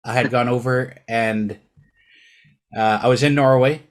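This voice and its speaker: A man hosting a podcast, relaxed and telling his own stories in a casual chat. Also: mid-range voice, a little slow. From Canada. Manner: relaxed, recounts personal stories. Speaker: podcast host.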